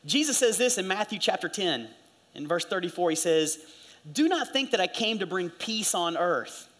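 Animated high-voiced male preacher. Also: normal speed. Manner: animated storytelling, acting out quoted voices with big pitch swings. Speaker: pastor. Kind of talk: sermon.

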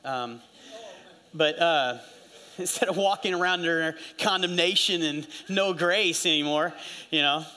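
Here a middle-aged pastor preaches in a fairly high pitch, speaking a little slowly. He acts out the voices of the people in his stories, which he tells with animated swings.

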